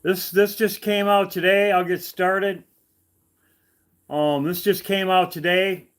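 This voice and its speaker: A man hosting a casual online livestream, greeting viewers by name and talking slowly with many fillers and repeated phrases. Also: high-pitched, level tone. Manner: slow, halting, repeats himself with fillers. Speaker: online video host.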